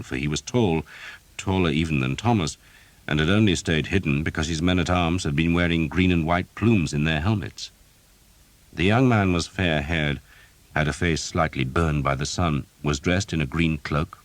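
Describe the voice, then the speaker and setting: A man reading an audiobook, in steady, measured scripted narration. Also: very deep voice, dry recording.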